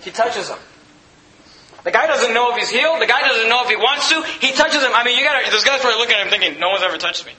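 Male pastor, sermon, very high and tense tone, emphatic rhetorical style, roomy church sound. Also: expressive, fast talker. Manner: emphatic preaching with rhetorical questions; rises to shouting at peaks. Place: church sanctuary. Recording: echoey church room.

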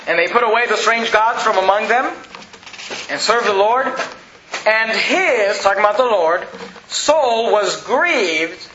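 A man preaching a sermon as pastor, building to emphatic shouts, recorded in a church. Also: high-pitched, noisy background. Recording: echoey room, dull lo-fi sound.

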